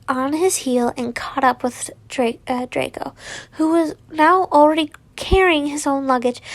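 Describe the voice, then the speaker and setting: Woman reading fanfic out loud, trips over words a lot, slow, dry close sound. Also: high-pitched, dry recording, poor audio. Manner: stumbling, self-correcting, with sighs and asides. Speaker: fan fiction reader. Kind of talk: reading fan fiction aloud.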